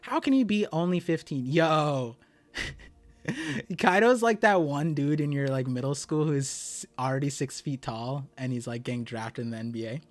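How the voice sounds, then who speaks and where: A young man streaming live, reading a comic chapter aloud and reacting with excited exclamations and stammers. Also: on the high side, unhurried.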